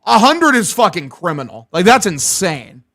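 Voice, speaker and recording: A young man streaming a game watch-along, calling the plays and excitedly thanking his chat, swearing freely. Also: high-pitched, moderate pace. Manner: hyped, profane, thanking chat. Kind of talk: live watch-along play-by-play.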